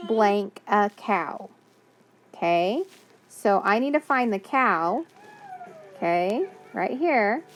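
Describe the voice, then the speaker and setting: Slow, patient woman teaching phonics. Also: a little high, a little hiss or hum. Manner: patient, encouraging, sounds out words slowly. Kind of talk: phonics lesson for young children.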